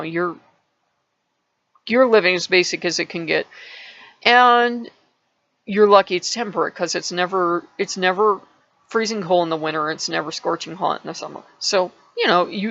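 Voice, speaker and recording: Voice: mid-range voice, gravelly, a bit bright, dull audio. A channel host telling a parable in a casual vlog, rambling and restarting words often.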